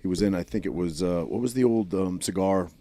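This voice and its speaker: A man hosts a podcast and tells loose, profane stories in casual chat. His voice sits a little low, and it is recorded close and dry. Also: a little fast, mellow, dry recording. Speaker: podcast host.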